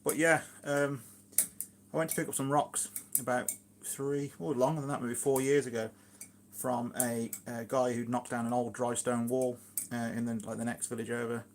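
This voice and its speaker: A gardening vlogger and live streamer from Shropshire, England, talks with a Shropshire English accent in a loose, rambling way, packed with fillers and asides. Relaxed and homely, he chats to viewers from his kitchen on a casual live stream, his voice at an ordinary middle pitch and a moderate pace. A slight hiss or hum runs under the recording.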